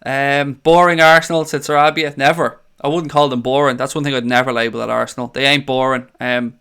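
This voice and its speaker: A man hosting a casual fan livestream from a green-screen home studio, reading chat aloud, excitable and swearing freely. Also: mid-range voice, fairly quick, clear, resonant tone. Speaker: fan channel host reading live chat.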